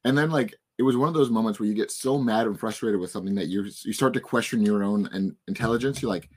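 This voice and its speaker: A man in his twenties with a hoarse voice, hosting a podcast in casual chat and telling stories in an animated way. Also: medium pitch, fast, few pauses. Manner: animated storytelling, frustrated rants. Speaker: podcast host.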